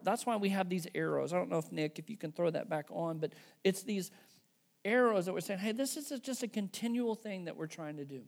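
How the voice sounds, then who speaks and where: A man's voice: high voice, creaky. A man preaching a conversational sermon to his church, emphatic and frequently checking in with "right?" and "okay". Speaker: pastor.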